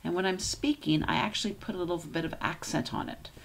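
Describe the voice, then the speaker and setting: A woman teaching German grammar, patiently walking through example sentences and checking in with "okay?". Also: fairly low pitch. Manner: slows down to model German sentences.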